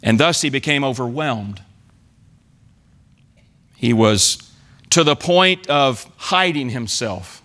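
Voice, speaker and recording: A man's voice: mid-range voice, lively intonation, slow, pauses often, bright, forceful tone. A man preaching a sermon in church, earnestly acting out the psalmist's pleas. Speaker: pastor.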